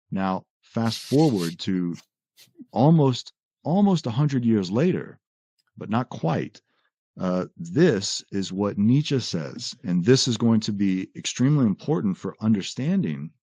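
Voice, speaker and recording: A man explaining philosophy in a conversational lecture, quoting texts and often pausing on "uh" and "right?". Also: fairly low pitch, no room sound, dull audio. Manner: animated explainer, quotes texts, frequent "uh" and "right?". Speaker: podcast guest explaining philosophy.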